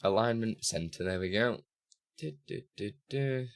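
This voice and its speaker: In a casual live stream, a man narrates what he's doing on screen, muttering to himself and breaking into bursts of laughter in a chatty way. His voice is fairly low, with lively intonation and a measured pace.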